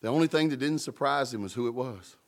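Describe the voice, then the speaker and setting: A man's voice: mid-range voice, fast. A man preaching a sermon in a conversational way, with playful asides and emphatic peaks. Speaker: pastor.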